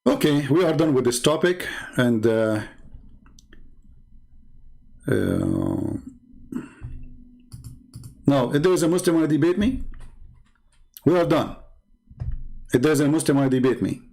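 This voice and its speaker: A man's voice: on the high side, a little slow, pauses often, a little mellow. A man hosting a call-in debate show, talking in a sarcastic, rambling way full of fillers. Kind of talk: casual mocking monologue.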